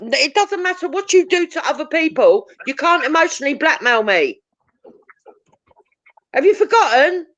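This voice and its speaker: A woman's voice: high voice, big pitch swings, normal speed, pauses often, a bit bright, no echo. A woman ranting bluntly and confrontationally, swearing heavily as a live-stream talk host. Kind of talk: heated profane rant. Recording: dull lo-fi audio.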